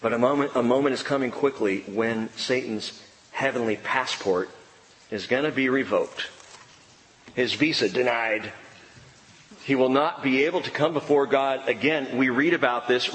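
A man preaching an expository sermon, emphatic and animated, swinging between excited and low earnest tones. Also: moderate pace. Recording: long reverb of a large hall.

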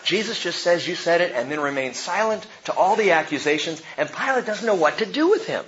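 A man preaching a sermon, moving between hushed, quiet phrases and emphatic bursts, with the odd joke along the way. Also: high-pitched, lively intonation, fairly quick. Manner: dramatic, swings from soft hush to emphatic; jokey asides amid preaching. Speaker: pastor. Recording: slightly dull lo-fi recording with faint noise.

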